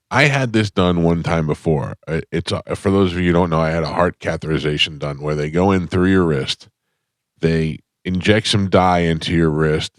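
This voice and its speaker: A man's voice: low voice, dry recording. A male radio host in casual studio chat, telling a long, self-deprecating comic story with lots of detours. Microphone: studio microphone.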